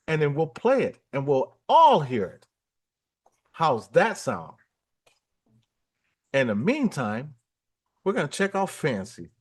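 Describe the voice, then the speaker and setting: Upbeat chatty male livestream host. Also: high voice. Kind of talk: casual livestream chat.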